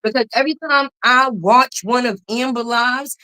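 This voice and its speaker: A woman with a high, bright-pitched voice dishing out casual gossip commentary. She is sassy and emphatic, dropping drawn-out mm-hmms between points. She is blunt and swears freely. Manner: blunt and profane. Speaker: commentary channel host.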